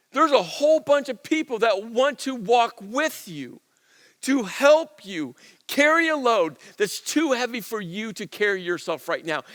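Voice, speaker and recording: A man preaching a sermon in an earnest, conversational way, dropping to soft low asides and rising for emphasis. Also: long reverb tail. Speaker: pastor.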